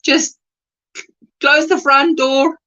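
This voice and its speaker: Slow, bright-voiced woman. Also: high-pitched, fairly even intonation, dull audio. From South Africa. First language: Afrikaans. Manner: chatty, laughs often, greets viewers warmly. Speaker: livestream host. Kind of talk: casual livestream chat.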